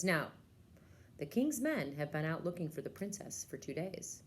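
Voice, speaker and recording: Low-voiced chatty woman librarian. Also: animated, moderate pace, darkish tone. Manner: chatty, enthusiastic, many ums and uhs. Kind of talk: casual book talk and storytelling.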